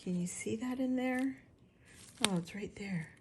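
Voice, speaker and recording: A woman hosting her own craft channel, chatting casually and gushing over items as she unboxes them, now and then clearing her throat. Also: medium pitch, measured pace, noisy background. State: recovering from illness, clears throat.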